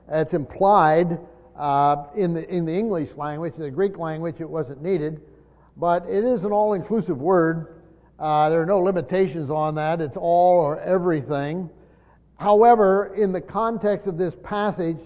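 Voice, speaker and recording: An older man preaching a sermon in a teacherly way, repeating his points with many pauses and "uh" fillers. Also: high-pitched. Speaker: pastor. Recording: dull lo-fi sound with long hall reverb.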